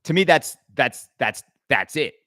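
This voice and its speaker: A man hosts his own podcast, speaking a little slowly in an animated, mid-range voice with a fairly bright tone. He rants his opinions emphatically and rambles, often stammering and restarting, in clean studio sound with no room sound.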